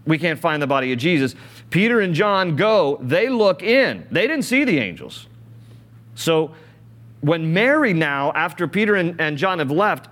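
A man's voice: fairly high pitch, a bit bright. A man preaching a sermon, reading scripture aloud and explaining it in an earnest, conversational way. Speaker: pastor.

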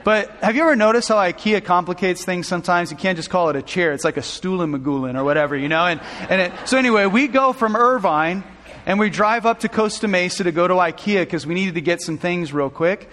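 Guy pastor preaching, kinda high voice, emotional story, lots of restarts, big echoey church sound. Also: brisk, a bit bright. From Southern California. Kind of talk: sermon storytelling. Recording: long hall reverb.

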